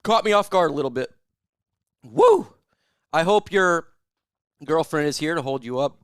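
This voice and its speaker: A man hosting a casual sports live stream, chatting with viewers and whooping loudly over super chats. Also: fairly high pitch, expressive, brisk, smooth, dry recording, clean studio sound. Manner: loud, hype-driven, shouting whoops at super chats.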